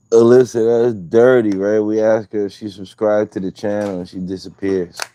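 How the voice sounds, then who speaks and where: Deep, slow-talking man joking on a livestream. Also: fairly even intonation, warm tone, no room sound. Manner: teasing, joking with viewers. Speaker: livestream host. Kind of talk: casual livestream chat.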